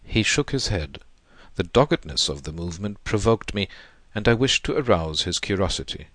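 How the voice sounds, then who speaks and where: A man narrating a classic novel as an audiobook reading, in a measured storytelling way. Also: low voice, expressive, fairly bright tone, dry recording.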